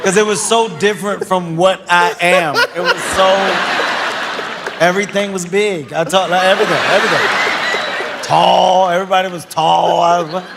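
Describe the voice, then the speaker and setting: A man's voice: high-pitched, fairly even intonation, normal speed, creaky, over a noisy crowd, heavy background noise. A man on a talk show telling a comic story animatedly, acting out the other voices and laughing.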